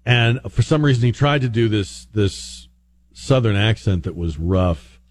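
A man's voice: lowish voice, lively intonation, a little slow, a little hiss or hum. Chatty male radio call-in host. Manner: chatty, rambling, many fillers. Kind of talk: casual talk radio.

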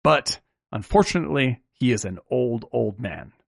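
A man's voice: mid-range voice, animated, normal speed, vocal fry, dry recording, studio quality. A man hosting a film podcast, talking casually and at length, full of "like" and "right?" fillers, with casual swearing.

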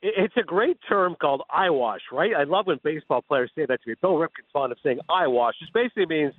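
A man phones in as a sports analyst, his voice high and his words tumbling out quickly. He talks animatedly and slips into acted-out bits of imagined dialogue. The call comes through a thin, tinny, dry phone line. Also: lively intonation, dry recording. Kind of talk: sports radio talk.

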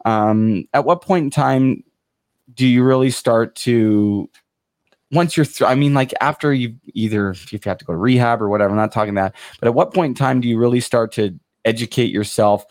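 A young man hosts a casual interview, his voice sitting at an ordinary middle pitch. He talks in long, rambling questions that are full of fillers and restarts. The sound is dry and close, with almost no room echo. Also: moderate pace, darkish tone. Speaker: podcast host.

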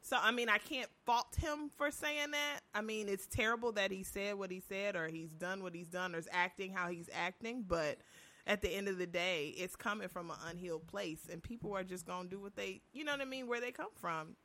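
A woman's voice: medium pitch, a little fast. A woman co-hosting a podcast, talking in a reflective, easygoing way in casual chat. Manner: reflective, easygoing, laughs loudly. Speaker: podcast co-host.

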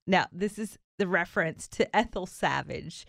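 A woman's voice: lowish voice, moderate pace, creaky, dry recording, clean studio sound. Southern woman hosting morning radio. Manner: animated and laughing, reads devotionals. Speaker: radio host.

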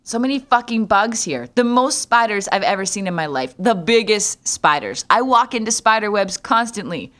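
A woman's voice: medium pitch, lively intonation, moderate pace, few pauses, fairly bright tone. Wry, swearing woman podcaster from Canada. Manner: sarcastic, swearing, jokey asides. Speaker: podcast host. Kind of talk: solo podcast monologue.

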